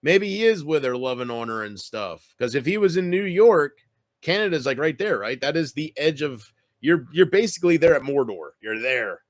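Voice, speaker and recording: A man's voice: on the high side, animated, moderate pace, no room sound, clean studio sound. A man chatting casually on his livestream, rambling and joking, with frequent swearing.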